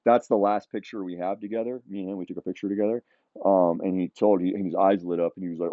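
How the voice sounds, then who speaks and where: Low-voiced man on a tinny line. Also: fairly even intonation, fast, no room sound. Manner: rambling, many restarts and "you know". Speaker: podcast guest. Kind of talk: casual storytelling chat. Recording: tinny phone-like line, dry.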